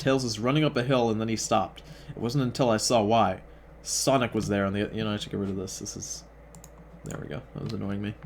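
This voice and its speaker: A man's voice: mid-range voice, slight background noise. Sarcastic young man reading fan fiction. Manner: sarcastic, profane asides mocking the text. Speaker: fan fiction reader and host. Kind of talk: reading aloud with sarcastic commentary.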